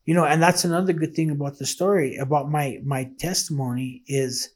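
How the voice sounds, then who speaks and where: A man's voice: a little high, fairly even intonation, brisk. A man telling his faith testimony in a casual, earnest and emotional way, acting out the dialogue he quotes.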